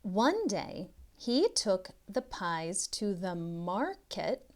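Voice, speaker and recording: A woman reading a children's storybook aloud in a very slow, lively voice that swings up and down. She leans on words for effect and slips into soft whispered asides, speaking like a tutor guiding young readers. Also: medium pitch. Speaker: literacy tutor.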